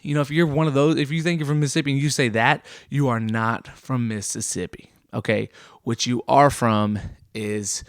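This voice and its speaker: A young man doing an absurd deadpan comedy monologue, rambling with many fillers and self-corrections. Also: medium pitch, normal speed, dry recording, studio quality.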